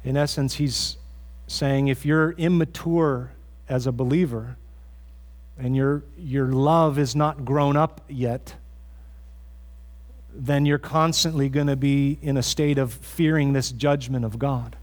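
A man's voice: mid-range voice, fairly even intonation, slow, a little mellow. A man preaching a sermon as pastor in a church, earnest and conversational, often restarting his phrases.

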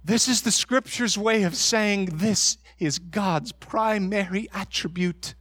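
High-voiced man preaching a sermon. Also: fairly bright tone, dry recording. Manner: emphatic preaching, slows for stress. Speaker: pastor.

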